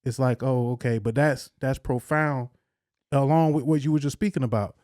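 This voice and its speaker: A man's voice: mid-range voice, moderate pace, a little mellow, dry recording, studio quality. A man co-hosting a podcast, asking a guest questions in casual conversation, hesitant and reflective with many fillers. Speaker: podcast co-host. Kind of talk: casual interview chat.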